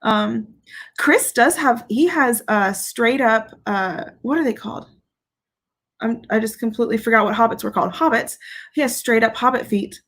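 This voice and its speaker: The woman's voice is a little high and fairly bright, moving at a normal speed as she reads viewer comments on her casual fragrance review livestream. Candid and playful, she laughs often and swears freely.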